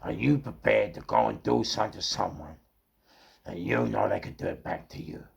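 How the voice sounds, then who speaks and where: A middle-aged man with a London accent telling rough stories casually, swearing heavily and repeating words for emphasis. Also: on the low side, expressive, moderate pace. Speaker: storyteller. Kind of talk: casual storytelling.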